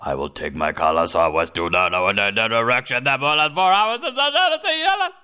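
A man putting on a halting, broken-English accent, playing a boastful warrior chieftain who stumbles over his words. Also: medium pitch, big pitch swings, pushed and bright, clear, resonant tone. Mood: pompous.

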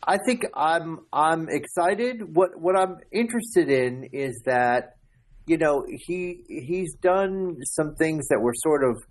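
A man co-hosts a podcast in loose, casual conversation. He speaks haltingly, often repeating words and restarting his sentences. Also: fairly high pitch, animated. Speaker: podcast co-host.

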